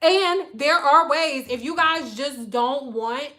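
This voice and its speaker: Bright, blunt woman hairstylist ranting. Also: high-pitched, slow pace. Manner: blunt, profane, animated storytelling. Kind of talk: casual livestream rant.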